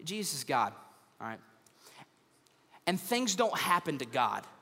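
A man's voice: a little high, unhurried, long reverb tail. A man pastor, giving a humorous sermon from a church stage, acting out voices as he tells stories. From United States. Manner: animated storytelling, acts out voices, humorous.

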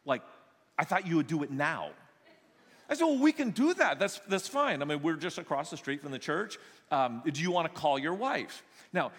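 A man pastor telling stories in a sermon, animated and joking, acting out the people he quotes. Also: fairly high pitch. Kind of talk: sermon storytelling. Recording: long echo of a large hall.

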